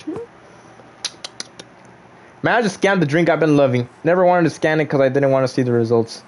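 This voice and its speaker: A young man casually commentating his own game livestream, playful and animated as he jokes with viewers. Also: a little high, brisk, long pauses, a little hiss or hum. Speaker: streamer.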